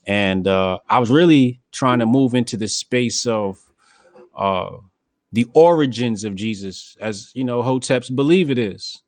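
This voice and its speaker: A podcast host from the New Jersey side speaks in a mid-pitched, matter-of-fact voice. He tells stories casually and bluntly, cursing freely. The sound is dry and close, with no room around it. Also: no room sound. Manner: blunt, profane, storytelling with acted quotes. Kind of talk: casual chat.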